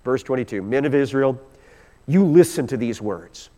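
A man's voice: mid-range voice, animated, normal speed, dark tone. A man preaching a sermon, explaining scripture verse by verse and reading passages aloud with growing intensity. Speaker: pastor. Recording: long hall reverb.

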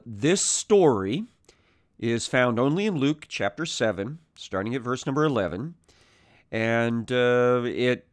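A man teaching through a Bible passage in a measured, thoughtful way, pausing often with "uh" and restarting phrases. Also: mid-range voice, dry recording, clean studio sound.

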